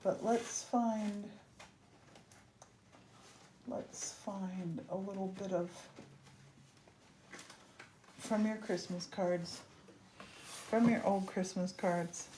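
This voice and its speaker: A woman's voice: medium pitch, steady tone, takes it slowly, long pauses, warm tone, slight background noise. A woman hosting a casual crafting demonstration, chatty and gushing as she works. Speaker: craft host.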